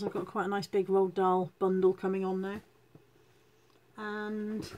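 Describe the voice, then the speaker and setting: On the high side and slightly mellow, a woman's voice carries a casual live stream where she works as a reseller. She greets viewers as she goes and makes self-deprecating remarks.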